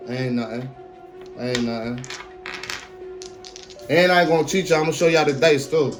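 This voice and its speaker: Late-20s male podcast host, loose slangy chat, hyped energy, light music bed. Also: normal speed. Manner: slangy, animated, swings between hyped and low drawl. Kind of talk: casual solo podcast chat.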